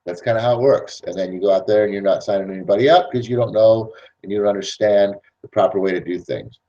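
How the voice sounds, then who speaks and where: A man hosting a network marketing podcast, talking in an animated, persuasive casual monologue. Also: fairly low pitch, fast talker, muffled recording. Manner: animated, persuasive, acts out scenes.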